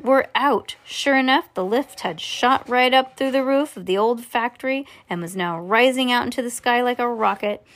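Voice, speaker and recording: A woman's voice: fairly high pitch, moderate pace, few pauses. Woman casually reading a storybook aloud. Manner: relaxed, stumbling over words, chatty asides. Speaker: reader to children.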